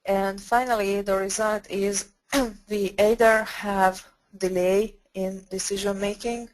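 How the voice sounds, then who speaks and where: A woman with a flu-hoarse voice giving a webinar presentation, clearing her throat often and pausing to restart phrases. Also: mid-range voice, fairly even intonation, poor audio. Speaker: guest speaker.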